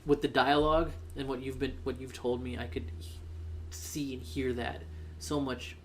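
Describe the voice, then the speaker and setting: A man's voice: mid-range voice, level tone, normal speed. Thoughtful male co-host, faint hiss. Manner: thoughtful, talks in fragments and restarts. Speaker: podcast co-host. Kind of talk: casual chat.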